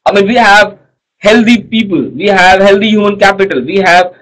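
A man's voice: high voice, normal speed, fairly bright tone, poor audio. A man teaching economics to a class. He talks in a chatty way, full of fillers, and keeps checking whether the students follow.

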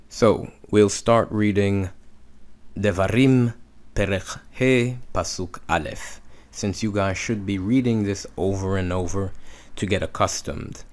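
A man teaching Hebrew reading, patiently sounding out letters and syllables step by step. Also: fairly low pitch. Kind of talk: instructional walkthrough.

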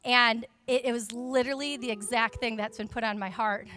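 A woman's voice: fairly high pitch, fairly even intonation, brisk, sharp tone. A young woman, a pastor's wife, gives a fervent, chatty testimony to a church congregation on a handheld microphone. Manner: fervent, emphatic, chatty storytelling. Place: church sanctuary during a service.

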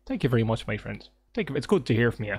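A man streaming a game live, chatting casually with his viewers in an excitable, joking way and swearing often. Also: medium pitch, quick pace, breathy edge. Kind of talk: casual livestream chat with viewers. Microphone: desk microphone.

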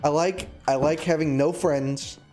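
Streamer, man in his twenties, high voice, agitated rambling rant, soft music bed. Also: steady tone, measured pace. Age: 20s. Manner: rambling, agitated ranting with many restarts. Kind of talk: casual live-stream chat.

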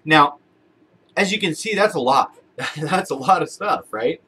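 A man's voice: fairly high pitch, animated, unhurried, pushed and bright, breathy edge. A man giving a casual motivational talk to camera as a vlogger, conversational and repetitive, using everyday examples. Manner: conversational, repeats phrases, uses everyday examples. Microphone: camera-mounted shotgun mic.

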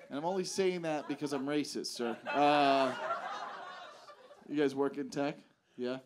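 A male stand-up comedian works the crowd on a club stage, teasing audience members over a handheld mic with profane jokes. His medium-pitched voice stays steady and unhurried, with frequent pauses, while audience laughter and other noise fill the background.

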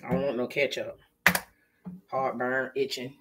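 A woman's voice: very deep voice, level tone, unhurried, very noisy. A middle-aged woman, chatting casually and laughing often with viewers on a live stream while she is tired.

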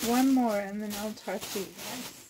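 Over background noise, a Canadian woman with a medium-pitched voice unboxes gifts on camera for her reborn doll vlog. She chats casually and exclaims over each item, her voice sore and a little strained.

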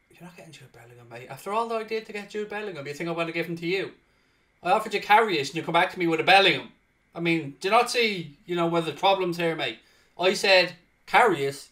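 A man giving let's-play commentary on a football game, swearing freely and swinging between low muttering and loud outbursts. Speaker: gaming channel host.

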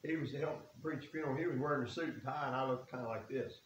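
A man's voice: mid-range voice, very fast. A man preaching a sermon in a church, folksy and earnest, reading scripture aloud. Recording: echoey room with faint hiss.

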